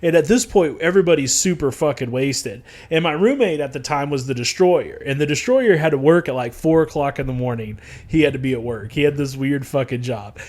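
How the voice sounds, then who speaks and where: A man's voice: mid-range voice, a little fast, hardly any pauses, a little mellow. A young man co-hosting a podcast who tells stories in a rambling, profane way, with lots of fillers and restarts. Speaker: podcast co-host. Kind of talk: casual storytelling chat.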